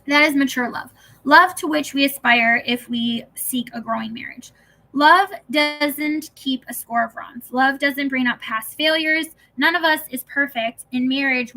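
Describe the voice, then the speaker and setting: Woman reading an audiobook, brightish slightly high voice, calm steady delivery. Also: rough recording. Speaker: audiobook narrator. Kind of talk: scripted audiobook narration.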